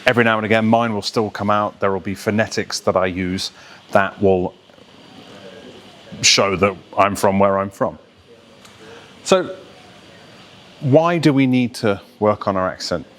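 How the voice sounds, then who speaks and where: A man from England working as a voice coach, explaining things clearly and steadily in a video lesson. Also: on the low side, measured pace, pauses often, slight background noise. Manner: articulate, steady, explaining with examples.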